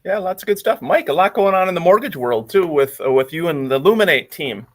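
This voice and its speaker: Guy hosting a live radio show in studio, upbeat, lotsa uh's, voice on the higher side. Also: animated, brisk. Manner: upbeat, with frequent filler "uh"s.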